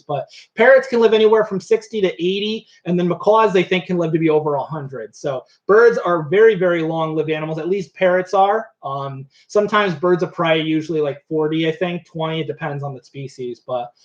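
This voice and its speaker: High-voiced man hosting an animal show. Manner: chatty, coos at his pets. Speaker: animal educator. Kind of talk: live-streamed animal show. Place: room at home. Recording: echoey room, slightly dull sound.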